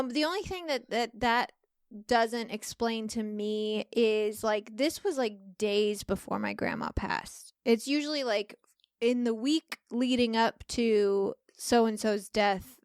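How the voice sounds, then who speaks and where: A young woman co-hosting a podcast in easy, frank chat. Her voice is smooth and clear. The sound is dry and close, with no room around it. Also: fairly high pitch, animated, takes it slowly, dry recording. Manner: frank, swears, laughs easily. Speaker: podcast co-host. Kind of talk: casual chat and reading a listener story.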